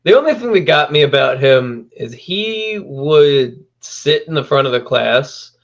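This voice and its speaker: A man's voice: medium pitch, sing-song, a little slow, gravelly, lo-fi sound. A young man talking casually with his older brother, drawling and laid-back as he tells stories. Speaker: guest. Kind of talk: casual chat between brothers.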